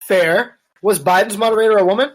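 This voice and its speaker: A man's voice: high-pitched, fairly quick. Man on a podcast, casual political chat, sarcastic and riffing, webcam mic. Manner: riffing, sarcastic, puts on quoted voices. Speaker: podcast co-host.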